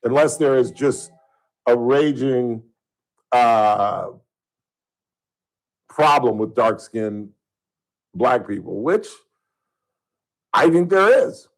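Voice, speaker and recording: A man's voice: mid-range voice, animated, extremely slow, long pauses, rough recording. Rambling joking talk radio host, man. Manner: rambling, joking, chuckling at his own jokes. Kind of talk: casual talk radio monologue. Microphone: studio microphone.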